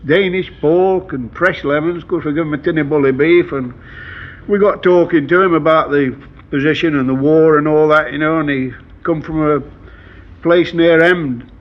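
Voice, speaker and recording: A man's voice: on the high side, fairly even intonation, moderate pace. An older male war veteran telling an anecdote in a chatty way, acting out the dialogue he quotes. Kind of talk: anecdotal storytelling. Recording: dull lo-fi archive recording.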